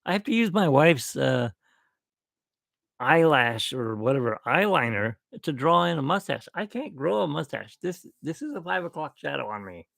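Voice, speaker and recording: A man's voice: on the high side, sing-song, moderate pace, gravelly, a bit bright, no echo, studio quality. A man hosting his own channel, chatting casually and rambling in a joking, self-mocking way. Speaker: YouTube channel host. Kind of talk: casual live stream chat. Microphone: desk microphone.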